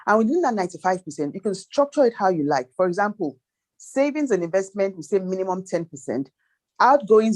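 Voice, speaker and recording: A woman's voice: fairly low pitch, darkish tone. A woman guest, a financial planner, giving emphatic advice in a panel chat, running through percentages and firing off rhetorical questions. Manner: emphatic, lists figures, asks rhetorical questions. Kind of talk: advice talk.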